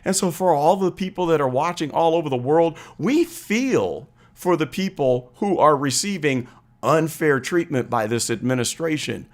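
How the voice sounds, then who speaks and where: A man's voice: on the high side, lively intonation, normal speed. A man from Chicago hosting a live stream, explaining political drama earnestly and acting out little scenes as he tells them. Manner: earnest, storytelling with acted-out quotes. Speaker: political commentary host.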